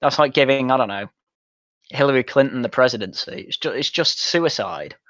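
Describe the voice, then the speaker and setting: A man's voice: medium pitch, brisk, fairly bright tone, no room sound, muffled recording. Sweary young man streaming. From Manchester, England. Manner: blunt, sweary, mocking banter. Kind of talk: casual chat while gaming.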